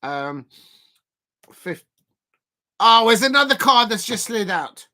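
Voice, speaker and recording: South london guy rambling through a live race stream, lots of ums and restarts, bright tense voice. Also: sits high, very animated. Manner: rambling, halting, many fillers and restarts. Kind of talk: live race watch-along commentary.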